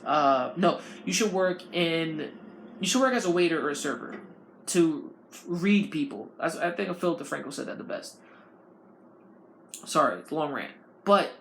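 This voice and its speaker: A woman hosting a podcast, ranting in a casual, profane and rambling way. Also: on the low side. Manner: animated, profane, rambling delivery. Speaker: podcast host. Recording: roomy, with faint ambience.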